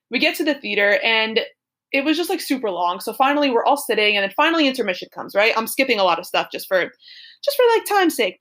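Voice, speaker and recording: A young woman with a fairly high voice tells a story on her podcast. She chats casually and giggles often, peppering her talk with "like" and "super". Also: a bit bright. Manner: chatty, giggly, lots of "like" and "super". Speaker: podcast co-host. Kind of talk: casual chat, telling a personal story.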